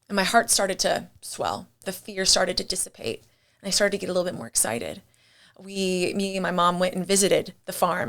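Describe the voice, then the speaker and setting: A woman's voice: mid-range voice, fairly bright tone. A young adult woman hosting her own podcast, talking candidly and reflectively in a chatty, casual monologue. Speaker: podcast host.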